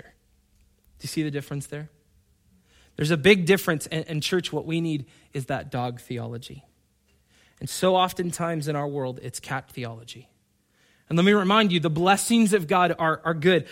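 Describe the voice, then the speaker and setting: A man's voice: a little high, normal speed. A male pastor preaching a sermon to his church, emphatic and repetitive, addressing the congregation directly.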